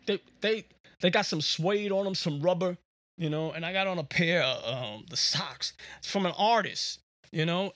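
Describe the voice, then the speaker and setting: A man's voice: high voice, pushed and bright, no echo. A man hosting a podcast, telling a story in a casual, slangy way and often repeating words as he talks. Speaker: podcast host.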